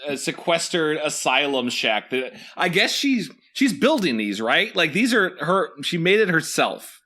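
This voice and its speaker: A man co-hosting a podcast, chatting casually with quick asides. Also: fairly high pitch, big pitch swings, sharp tone. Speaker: podcast co-host. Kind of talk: casual chat.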